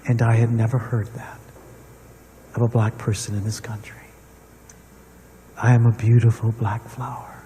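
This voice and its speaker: A man's voice: medium pitch, dark tone, breathy edge. A middle-aged man giving an earnest, personal talk to an audience, telling stories from his life. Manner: storytelling, personal and earnest, addressing the room. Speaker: symposium speaker. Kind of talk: reflective public talk to an audience. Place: large hall with long reverb. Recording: distant mic in a reverberant hall.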